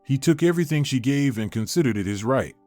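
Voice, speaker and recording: A man narrating a dramatic story in a measured, scripted reading. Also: mid-range voice, lively intonation, darkish tone, no room sound. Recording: dry close recording with faint music.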